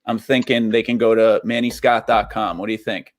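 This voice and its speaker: A man's voice: on the low side, steady tone, fairly quick, dry recording. A man hosting an interview show over a video call, upbeat and full of praise. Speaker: podcast host. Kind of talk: interview talk.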